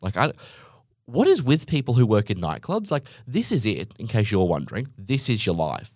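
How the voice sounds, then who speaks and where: Sarcastic young man, lively voice. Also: on the low side, normal speed, no echo, clean studio sound. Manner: sarcastic, rambling, heavy use of "like". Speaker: podcast host. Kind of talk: casual storytelling monologue.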